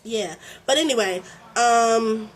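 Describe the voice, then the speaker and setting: A woman's voice: a little high, slow pace. A young adult woman from Baltimore with a Baltimore accent, doing a casual tarot reading. She talks with lots of fillers, keeps checking in with "okay?", and swears freely. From Baltimore, USA. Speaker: tarot reader.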